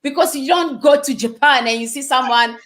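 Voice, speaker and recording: A woman's voice: high-pitched, a little fast, fairly bright tone. A woman co-hosting a casual chat who speaks bluntly and dismissively.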